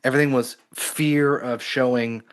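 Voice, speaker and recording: A man's voice: mid-range voice, steady tone, normal speed. A man co-hosting a podcast, talking in a reflective, earnest way with many fillers. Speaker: podcast co-host. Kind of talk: casual conversational podcast.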